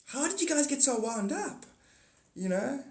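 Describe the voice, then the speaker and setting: A man ranting casually on a livestream, rambling and profane, swinging from mutters to excited outbursts. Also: very high voice, a little slow. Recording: echoey room.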